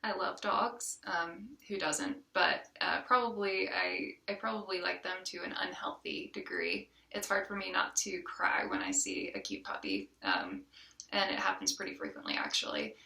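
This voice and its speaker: A woman's voice: on the low side, big pitch swings, moderate pace, vocal fry, bright, forceful tone, echoey room, recorded from a distance. Chatty woman with a light Southern accent. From Southern United States. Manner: chatty, with frequent ums and restarts. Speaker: college student. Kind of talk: casual self-introduction.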